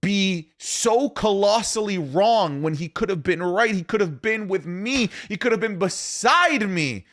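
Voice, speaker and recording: A man's voice: high voice, animated, a little slow, few pauses, fairly bright tone. A man co-hosting a casual wrestling podcast, teasing his partner playfully. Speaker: podcast co-host.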